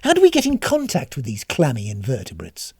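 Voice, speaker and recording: Brief: narrator voicing a blunt, grumpy heroine in a storybook, lively and slightly husky. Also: mid-range voice, a little fast, no room sound, clean studio sound, heavily acted. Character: grumpy, impatient woman kidnapper.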